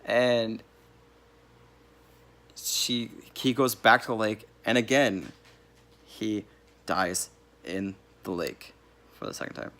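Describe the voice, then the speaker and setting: A man's voice: lowish voice, takes it slowly, pauses often, fairly bright tone. A man giving a casual, rambling movie review, correcting himself as he goes and laughing here and there. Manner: laughs now and then while talking.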